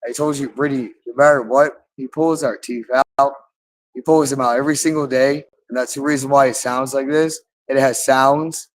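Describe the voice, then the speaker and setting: A man's voice: mid-range voice, steady tone, moderate pace, rough recording. A man talking in a rambling monologue, swearing often and repeating phrases over and over. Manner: repetitive, loops phrases over and over; profane, with frequent swearing.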